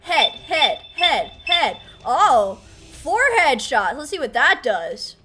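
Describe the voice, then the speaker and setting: A woman streamer giving casual gameplay commentary, excitable and talking to herself, with yelps as she plays. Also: high-pitched, slow pace, background noise. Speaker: gaming streamer.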